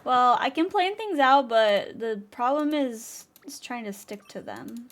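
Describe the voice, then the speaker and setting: A young woman with a fairly high, lively voice hosts a casual livestream from home on a desk microphone, speaking a little slowly. She's chatty and giggly as she answers her chat.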